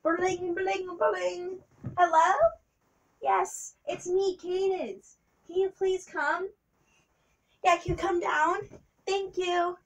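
A woman's voice: on the high side, moderate pace, a bit bright. A woman voicing a scheming young wife who giggles and talks in a conspiratorial way. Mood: sly.

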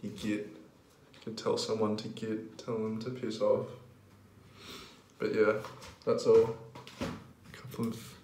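Slow, hesitant man in echoey bathroom. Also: fairly low pitch, completely flat delivery, a little mellow, distant mic, slight background noise. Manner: hesitant, full of pauses and ums. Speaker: vlogger. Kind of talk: casual chat to camera. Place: home bathroom.

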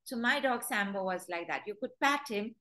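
A woman's voice: mid-range voice, expressive, normal speed, a bit bright, poor audio. A woman dog trainer giving a webinar talk, telling stories and acting out what dogs would say. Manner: storytelling, acts out dogs' thoughts in quoted voices.

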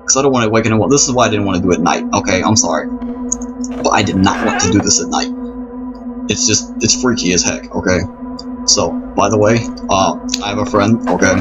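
Playing a horror game at home after dark, a man comments nervously, somewhat fast, in a lowish voice, circling back on himself and apologizing as he rambles. Game music sits behind the dull, lo-fi recording.

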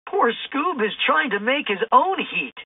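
A woman's voice: big pitch swings, a little slow, slightly rough, exaggerated voice. A woman voicing a jittery, cowardly young man who whines about being hungry, recorded with a tinny sound. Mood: whiny. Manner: whiny, high exclamations.

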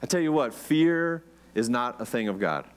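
An American man preaching a sermon as pastor, in a relaxed, conversational way, often asking his congregation questions. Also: mid-range voice, moderate pace, clear, resonant tone. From United States. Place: church.

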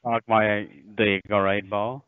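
A man answering as a call center agent, asking the caller to speak louder and then hurling crude insults. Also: lowish voice, flat delivery, slow. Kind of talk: phone argument. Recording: dry tinny phone line.

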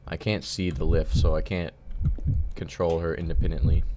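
A man's voice: very deep voice, level tone, normal speed, background noise. A man giving casual, muttered gameplay commentary, often swearing in frustration at the game. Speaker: gaming channel host. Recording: keyboard and mouse clicks behind.

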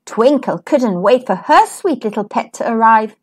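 A woman hosting a children's storytime channel, reading a picture book aloud in a gentle, expressive way. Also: fairly high pitch, normal speed, hardly any pauses, slightly rough. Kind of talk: children's read-aloud narration.

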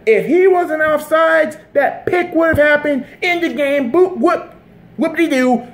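Heated, swearing sports-vlog ranter, lively pitch. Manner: heated, profane, repeats himself and restarts mid-sentence. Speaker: sports vlogger. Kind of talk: casual sports rant to camera.

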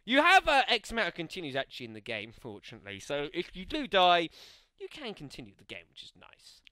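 A man commentating a video game, excitable and self-mocking, yelling at the enemies. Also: sits high, fairly quick, no room sound. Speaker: let's play commentator. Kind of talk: gaming commentary. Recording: game music behind the voice.

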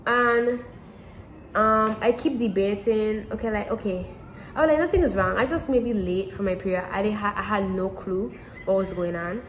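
A woman's voice: medium pitch, normal speed, slight background noise, poor audio. Teenage girl rambling through a personal story. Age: teens. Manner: rambling, repeats herself with many fillers. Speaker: vlogger. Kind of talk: casual storytelling to camera.

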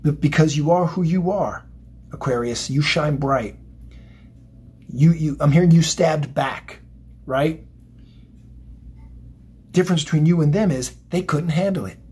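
A man's voice: fairly high pitch, unhurried, long pauses, a little mellow, husky. A man giving a psychic tarot reading, emotional and motivational, rambling and repeating himself. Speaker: tarot reader.

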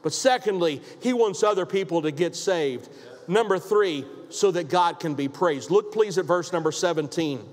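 Brief: male preacher, high voice, emphatic repeated sermon lines, big church reverb. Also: moderate pace. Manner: emphatic, repetitive preaching with rhetorical questions. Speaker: pastor. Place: church sanctuary. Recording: long hall reverb.

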